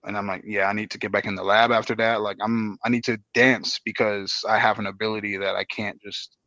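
A man in his thirties, a dance guest, talking in a relaxed, slangy way with many fillers. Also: lowish voice, fairly quick, no echo, dull audio. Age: 30s. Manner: laid-back, slangy, lots of fillers. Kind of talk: casual podcast chat.

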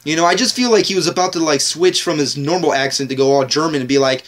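A man's voice: fairly high pitch, quick pace. A man ranting casually in a TV episode review vlog, rambling, joking and swearing heavily.

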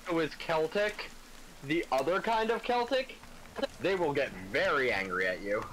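A man's voice: on the high side, sing-song, normal speed, a bit bright, slight background noise, rough recording. A man chatting casually while gaming, a jokey storyteller. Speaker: co-player guest.

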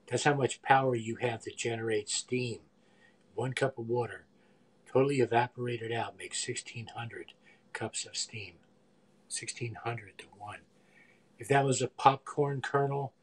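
Here a man in his sixties rambles through a live cooking stream from his own kitchen, his talk wandering and often trailing off into mumbles. The voice is mid-range with a breathy edge.

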